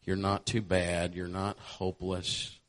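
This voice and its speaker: Male preacher, low voice, sermon, impassioned altar call, rising intensity. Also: completely flat delivery, unhurried. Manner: builds from quiet storytelling to loud impassioned altar call.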